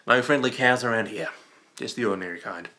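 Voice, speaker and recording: A young man rambles through a goofy live stream chat, tripping over his words and restarting. His voice has a sharp, forceful edge, and his pitch sits in the middle. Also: fast. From Australia. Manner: joking, rambling, stumbles and restarts.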